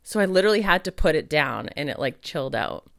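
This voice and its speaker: Chatty host-medium, mid-range pitch, close dry sound, acts out own thoughts. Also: very animated, fast, vocal fry, fairly bright tone, dry recording. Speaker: podcast host and psychic medium. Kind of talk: casual monologue.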